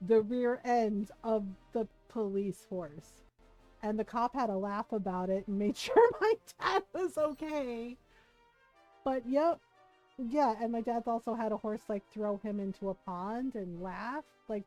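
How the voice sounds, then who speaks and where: High-pitched laughing woman telling stories. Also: rough recording. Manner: animated, laughing often, quoting others. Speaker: streamer. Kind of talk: casual storytelling chat.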